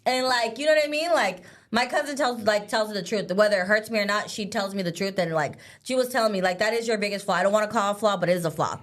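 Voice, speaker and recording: A young woman co-hosting a casual live show, chatty and animated, full of "like" and quick laughs. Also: medium pitch. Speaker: co-host.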